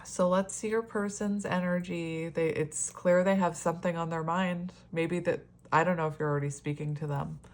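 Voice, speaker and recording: A woman's voice: fairly low pitch, fairly even intonation, normal speed, few pauses. A woman in a casual solo tarot reading, chatty and rambling, often laughing and exclaiming at the cards. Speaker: tarot reader.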